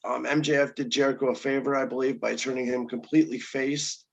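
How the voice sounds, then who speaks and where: A man's voice: medium pitch, little pitch movement, fairly quick, gravelly, a little hiss or hum, low-quality recording. A man co-hosting a casual review chat, loose and joking, with many hesitations. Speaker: co-host.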